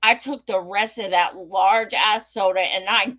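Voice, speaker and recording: A woman tells brash, profane stories in casual podcast chat. She talks at a slow, drawn-out pace and throws herself into voicing the people she argues with. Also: mid-range voice, muffled recording, a crowd in the background. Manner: profane, animated anecdotes with acted-out quotes. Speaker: podcast co-host.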